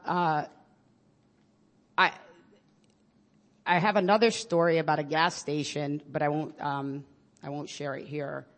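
Halting New York woman sharing. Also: deep voice. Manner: halting and earnest, many restarts and fillers. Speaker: public defender sharing at a recovery meeting. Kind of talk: personal share at a support group meeting.

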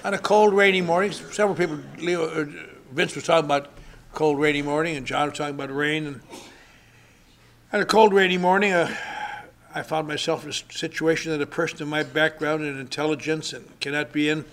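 Gravelly older man telling wry stories. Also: on the high side, steady tone, brisk, fairly bright tone, a little hiss or hum. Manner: wry storytelling, dry humor. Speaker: speaker sharing his story. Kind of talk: recovery meeting talk. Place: convention hall.

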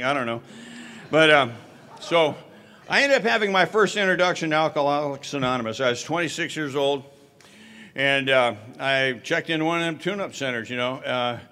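A middle-aged man tells his story in a loose, conversational way, full of wry asides and fillers. His voice sits a little high and has a bright, forward edge. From Southern California. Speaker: speaker sharing recovery story. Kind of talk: personal recovery talk.

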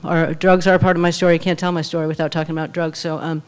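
A middle-aged woman with a lowish voice opens up at a recovery meeting. She is openly nervous and halting, stopping often with "um" and "uh" as she finds her words. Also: level tone, darkish tone. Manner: nervous, hesitant, many ums and uhs. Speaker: meeting speaker. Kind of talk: personal recovery share.

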